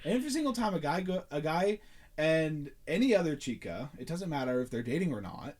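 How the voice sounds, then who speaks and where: Lively rambling male podcast host. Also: a little high, a little fast. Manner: rambling storyteller, laughs often. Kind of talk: casual chat.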